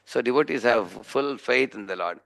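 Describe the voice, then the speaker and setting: A man's voice: medium pitch, lively intonation, moderate pace, gravelly, fairly bright tone. A man with an Indian accent giving a sermon on scripture. He tells everyday stories, often checks in with a questioning "huh?", and acts out the voices of people in his stories. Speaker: preacher giving a scripture class.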